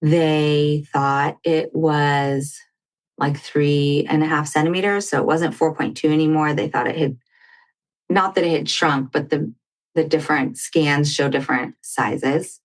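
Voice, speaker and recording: Woman, low voice, guest, animated personal story, quoted dialogue. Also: a little slow. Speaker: podcast guest.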